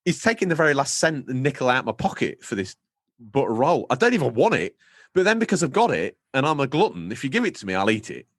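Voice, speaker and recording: A man's voice: medium pitch, sing-song, fast, fairly bright tone, no room sound, clean studio sound. A man from England co-hosting a podcast in casual chat, rambling through comic stories and acting out the other people in them. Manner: rambling comic storytelling with put-on dialogue. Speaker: podcast co-host.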